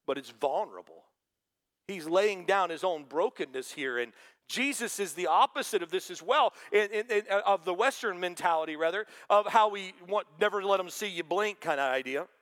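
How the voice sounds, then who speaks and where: A man's voice: high-pitched, fairly bright tone. A man preaching a sermon to a congregation, talking in a conversational way and quoting scripture. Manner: conversational preaching with quoted asides. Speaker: pastor.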